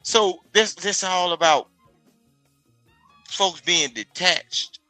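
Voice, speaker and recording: A man's voice: sits high, slow, sharp tone, no room sound, faint music behind, low-quality recording. A man talking in casual chat, telling things in a profane, streetwise way. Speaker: podcast guest.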